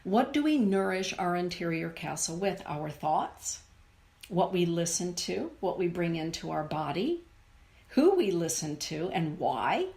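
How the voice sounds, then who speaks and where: A middle-aged woman giving a live oracle card reading to viewers, speaking in a soothing, unhurried way. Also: lowish voice, lively intonation, creaky, darkish tone. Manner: slow, soothing, unhurried delivery. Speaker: spiritual card reader.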